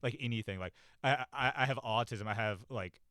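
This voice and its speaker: A man hosting a casual talk show, rambling and self-deprecating, swearing freely and filling every pause, on a cheap close mic. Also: medium pitch, sharp tone, smooth, dry recording. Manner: rambling, profane, self-deprecating, many fillers. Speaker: podcast host. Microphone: cheap desk mic, close.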